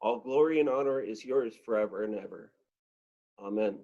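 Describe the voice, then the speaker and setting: A man leading an opening prayer in worship, measured and reverent. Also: lowish voice, mellow. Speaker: worship leader. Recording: dull lo-fi sound.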